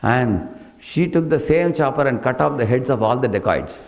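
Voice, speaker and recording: A man's voice: medium pitch, animated, normal speed, a little mellow, poor audio. A man preaching a storytelling sermon, dotting his telling with "hmm" and questioning "huh?" asides.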